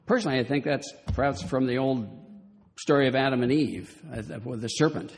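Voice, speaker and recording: An older man from Southern California gives a wry, measured talk and reads passages aloud with expression. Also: medium pitch. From Southern California, USA. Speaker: speaker on children's literature. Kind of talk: lecture with read-aloud passages. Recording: long reverb of a hall.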